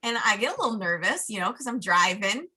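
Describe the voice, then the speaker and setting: A woman with a bright, forceful voice chats as a podcast guest. She tells a personal story with animated energy and acts out the voices in her head. Her manner is lively and full of easy laughter. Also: mid-range voice, quick pace, slightly rough. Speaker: podcast guest, life coach. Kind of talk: casual storytelling chat.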